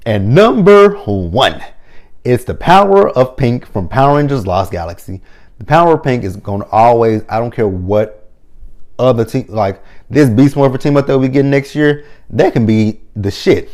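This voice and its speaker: A man giving casual, excited fan commentary as a vlogger, rambling and getting himself hyped up. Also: mid-range voice, normal speed. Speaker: vlogger ranking team-up episodes.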